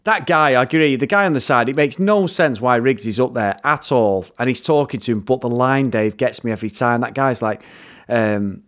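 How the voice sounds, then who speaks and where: A man co-hosting a podcast, chatting about a film in a rambling way and retelling scenes with quick impressions. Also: medium pitch, a bit bright. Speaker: podcast co-host. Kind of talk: casual film review chat.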